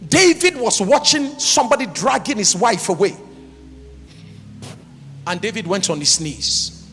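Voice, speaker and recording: A male preacher delivering an emphatic sermon in a church, firing rhetorical questions at the congregation and breaking into shouts. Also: sits high, animated, a little slow. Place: church hall. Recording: reverberant hall with music behind.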